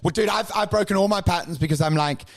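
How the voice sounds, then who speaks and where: High, gravelly man, manic. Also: fast talker, no room sound. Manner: manic, jumps into silly voices, swears freely. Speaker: podcast co-host. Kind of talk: rambling comedic chat.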